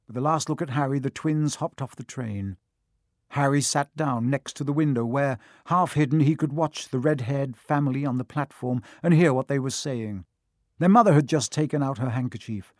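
A man's voice: medium pitch, darkish tone, no echo. Man narrating a storybook, dry close sound. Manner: measured storytelling. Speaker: audiobook narrator. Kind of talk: scripted narration.

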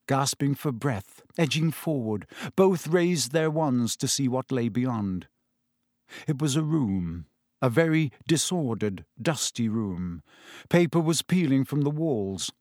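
A man reading a story aloud in a measured, suspenseful narration. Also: mid-range voice, darkish tone, no room sound, studio quality. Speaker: audiobook narrator. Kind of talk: scripted narration.

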